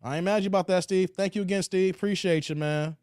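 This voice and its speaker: A man's voice: high voice, steady tone, quick pace, a little mellow, clear, resonant tone, no echo, studio quality. A man hosting a livestream, reading viewer comments aloud and reacting in laid-back slang. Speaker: livestream host.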